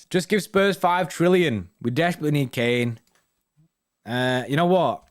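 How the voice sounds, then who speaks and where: A young man hosts a football fan live stream, chatting casually with viewers and packing his talk with slang and tags like "innit" and "you know what I mean". His voice is a little high and his pace measured.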